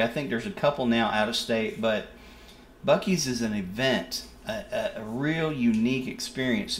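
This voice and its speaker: Texan man, reaction host, emphatic and homey, echoey room. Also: medium pitch. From Texas. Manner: proud, folksy, emphatic. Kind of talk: casual reaction commentary. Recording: roomy echo, faint noise.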